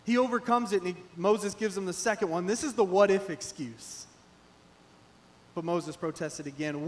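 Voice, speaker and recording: A male pastor with a notably high-pitched voice delivers a sermon in a church. He talks animatedly and slips into the voices he quotes. His quiet asides give way to louder, emphatic lines. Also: normal speed. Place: church sanctuary.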